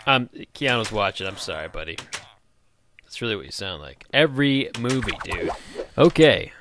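A man's voice: on the low side, lively intonation, moderate pace, a bit bright, slight background noise. A man casually talking through a game he is playing, chatty and rambling, joking and calling out to the characters on screen. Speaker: gaming video host. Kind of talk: casual let's-play commentary.

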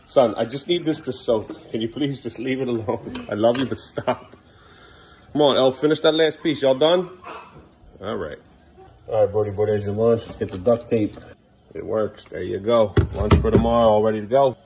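At home in the kitchen, a father filming a casual family vlog coaxes his kids, then grows firm, turning to the camera for chatty asides. His mid-range voice is slightly mellow at a moderate pace, with a little hiss or hum on the recording.

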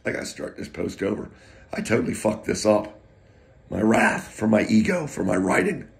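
A man's voice: on the low side, very animated, normal speed, vocal fry. A middle-aged man rambling in a casual monologue, profane and emotional, with muttered asides and wry laughs. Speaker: poet and vlogger.

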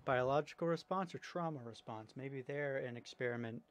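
A man's voice: mid-range voice, fairly quick, muffled recording. A man giving let's play commentary, jumpy and swearing when startled, slipping into accents when scared. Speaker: gaming video creator.

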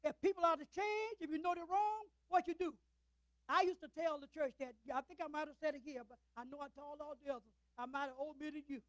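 Older man preaching, high and dry, rhetorical call-outs, loud then hushed. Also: fairly even intonation, a little fast, no echo, rough recording. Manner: swings between loud declarations and low, quiet asides. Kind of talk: sermon.

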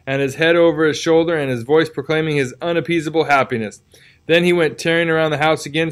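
A man narrating a classic novel as an audiobook, telling it expressively and dropping low for tense moments.

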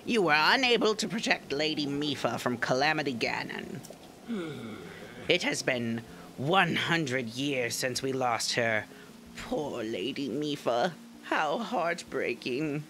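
A man's voice: mid-range voice, expressive, takes it slowly, sharp tone, a little hiss or hum, heavily acted. A man voicing an angry, vengeful male fish-folk soldier, reading game dialogue aloud in an accusing, declaiming way. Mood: mournful.

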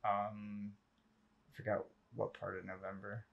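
A man hosting a casual podcast chat, rambling with lots of ums and likes as he gets excited about new releases. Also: on the low side, unhurried, gravelly, phone-quality sound. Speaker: podcast host.

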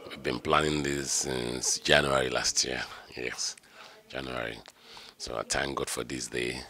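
A man's voice: rumbling low, little pitch movement, unhurried, creaky, sharp tone. A middle-aged man, the groom, speaking heartfelt and rambling about his bride in a wedding interview. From Nigeria. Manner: heartfelt, rambling with repeated "you know".

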